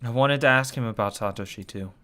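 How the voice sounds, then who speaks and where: A man's voice: medium pitch, fairly quick, bright, forceful tone. A man reading a visual novel aloud as a let's play, swearing and commenting as he goes. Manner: swears and comments between lines.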